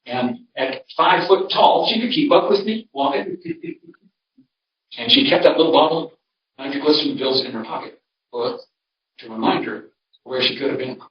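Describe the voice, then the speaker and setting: In a church hall, an older pastor leads a conversational seminar full of homespun stories and restarts, speaking at normal speed in a slightly high, animated voice with long pauses. The recording is roomy, distant, and dull.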